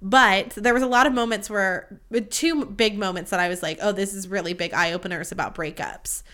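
A woman's voice: medium pitch, normal speed, pushed and bright. A young woman hosting her own podcast, chatting candidly in a rambling, confessional way and swearing freely. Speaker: podcast host. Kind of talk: casual solo podcast chat.

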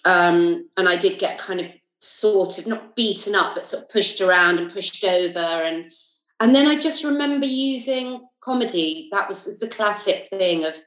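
A woman's voice: mid-range voice, moderate pace. A middle-aged woman from England with a southern English accent, a comedian and actress telling school stories as a podcast guest. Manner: lively storyteller with many fillers and asides. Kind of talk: casual interview anecdotes. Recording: roomy echo.

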